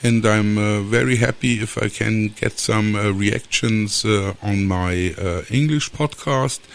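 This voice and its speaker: Gravelly German-accented man, halting podcast talk. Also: lowish voice. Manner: hesitant, many filler sounds. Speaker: podcast host. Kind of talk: solo podcast monologue.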